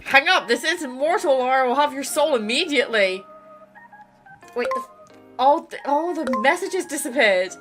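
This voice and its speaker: A woman's voice: high-pitched, expressive, moderate pace, over music. A woman hosting a romance game playthrough, gushing and giggling in casual commentary. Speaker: gaming channel host. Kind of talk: casual let's-play commentary.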